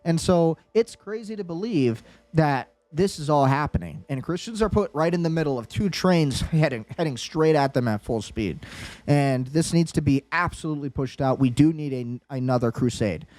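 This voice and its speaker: A fired-up man rants through his livestream commentary, circling back and repeating himself. His voice sits a bit high for a man. The sound is close and dry, with no room around it. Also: moderate pace, a little mellow, dry recording. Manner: heated, rambling, repeats himself. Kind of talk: live political commentary.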